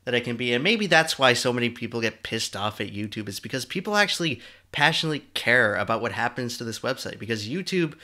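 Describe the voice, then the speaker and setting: A man co-hosting a casual podcast, with a bright, forward tone. He speaks earnestly and articulately and slips in wry jokes. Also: mid-range voice, lively intonation, fast talker, hardly any pauses. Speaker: podcast co-host.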